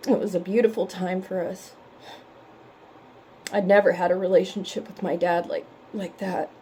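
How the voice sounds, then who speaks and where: A woman's voice: mid-range voice, a little hiss or hum. A woman hosting a reaction vlog, talking casually and emotionally, teary from crying and apologizing for it. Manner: emotional and tearful, apologetic, warmly chatty. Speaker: reaction channel host.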